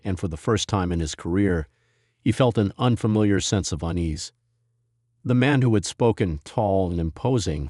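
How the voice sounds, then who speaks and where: A man narrating a scripted dramatic story in a steady storytelling manner. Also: low-pitched, husky, dry recording, clean studio sound.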